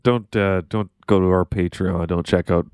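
A man's voice: low-pitched, steady tone, moderate pace, darkish tone, clean tone, no room sound, studio quality. A man hosting a comedy podcast, giggling and egging the others on in casual banter.

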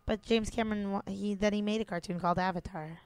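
A woman from Canada talking casually about films, with a voice of ordinary middle pitch. She is blunt and opinionated and quick to joke, and she speaks her mind without softening it. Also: steady tone, clear, resonant tone, no echo. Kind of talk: casual movie-watching chat.

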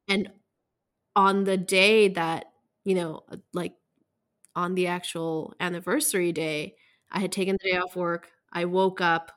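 A woman in a casual conversation, talking in a halting, emotional way with many fillers. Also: fairly low pitch, fairly even intonation.

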